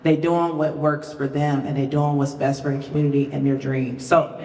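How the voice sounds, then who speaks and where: Woman guest, lively folksy storyteller, echoey hall, heard from a distance. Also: low-pitched, moderate pace, slight background noise. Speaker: guest speaker. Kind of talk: storytelling to a live audience. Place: stage at a live show in a large venue.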